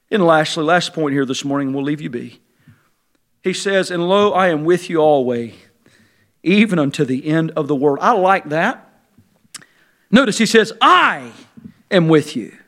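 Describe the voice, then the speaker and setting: A male pastor delivering a sermon in a church sanctuary, his voice pitched high and bright. He moves between quiet, intimate stretches and rising, shouted fervor. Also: expressive, moderate pace, pauses often. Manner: swings from hushed to shouted fervor.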